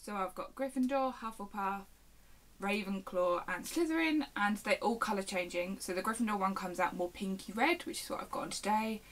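A woman's voice: mid-range voice, moderate pace, poor audio. A young woman, chatting casually to the camera at home in a rambling, self-interrupting way. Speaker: vlogger. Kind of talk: casual show-and-tell chat.

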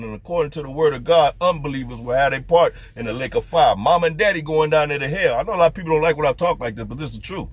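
Husky-voiced fervent male street preacher. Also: on the high side. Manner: fervent, rhetorical questions. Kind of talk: preaching to camera.

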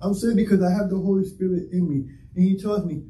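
High-voiced pastor preaching in an echoey hall. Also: male voice, steady tone, fast talker, dark tone. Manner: impassioned, conversational preaching with acted-out dialogue. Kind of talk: sermon. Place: church sanctuary. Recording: echoey church hall, mic from a distance.

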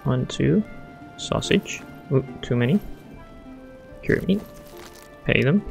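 Gravelly-voiced man, excitable gamer thinking aloud, soft game music behind. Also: medium pitch, slow pace. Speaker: gamer playing a strategy game. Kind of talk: casual let's-play commentary.

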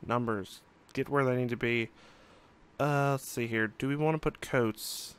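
A young man talks through a strategy game at an unhurried pace, wondering aloud and trailing off with "um" and "uh" as he weighs each choice. His voice is smooth and clear, and his pitch sits in an ordinary middle range. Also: steady tone. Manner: musing, thinking aloud with frequent fillers. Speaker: let's play host. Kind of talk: casual gameplay commentary.

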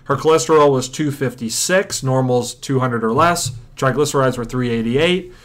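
A chiropractor teaching a workshop method, telling patient stories and acting out what patients and audience members say. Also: male voice, medium pitch, normal speed. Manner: storytelling, acts out patients and audience. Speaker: chiropractor and coach. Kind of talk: teaching a seminar.

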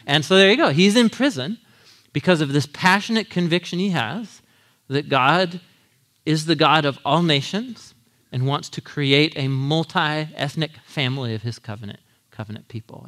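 Brief: man, 30s, sermon teacher, casual and animated, slightly higher pitch. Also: normal speed. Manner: animated, acts out quotes in lively voices; casual, conversational, laughs often. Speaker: pastor teaching a Bible series.

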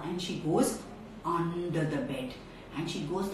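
A woman telling a story to children in an animated, direct way, streamed live from a phone. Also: lowish voice, measured pace. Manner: animated, talks straight to children. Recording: echoey room, far from mic, faint noise.

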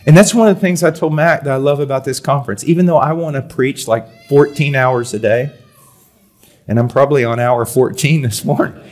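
A man preaching a sermon at a conference, reading aloud with emphasis, then dropping to quiet, confiding tones and repeating words to drive a point home. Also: medium pitch, brisk. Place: church or conference hall.

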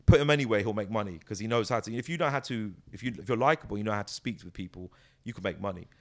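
Animated British man telling stories. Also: lowish voice, rapid-fire. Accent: British English. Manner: animated, storytelling, many "you know"s. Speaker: guest, comedy actor. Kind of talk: casual interview chat.

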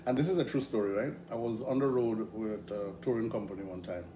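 A middle-aged man from Grenada with a Grenadian accent, guesting in a casual interview, telling stories in an animated way with frequent laughs. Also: lowish voice, fast talker. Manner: animated, hesitant with fillers, laughs often. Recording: echoey room with background noise.

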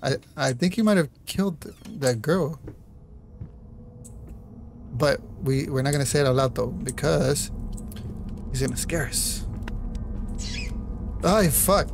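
A man's voice: medium pitch, slow, vocal fry, long pauses, background noise. A man doing let's play commentary on a horror game, jumpy and apologetic, with nervous laughs and a lot of swearing. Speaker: gamer.

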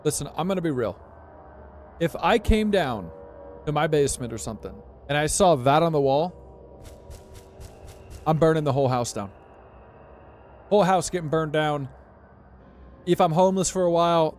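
A man's voice: on the high side, animated, moderate pace, pauses often, darkish tone, faint music behind. An American man giving live gameplay commentary as a streamer, chatty and reactive, talking to his viewers and yelping when startled. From United States.

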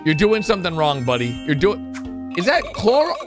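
Excitable guy reacting to funny cartoons, voice jumping all over, laughs a lot, music underneath. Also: high voice, moderate pace. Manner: excitable, narrating events and laughing often. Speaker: reaction video host. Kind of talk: casual reaction commentary.

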